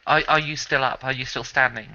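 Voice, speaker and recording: A man's voice: medium pitch, fairly even intonation, brisk, sharp tone. A man running a tabletop game as game master over voice chat, chatty and often laughing as he narrates. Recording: dull lo-fi voice chat audio.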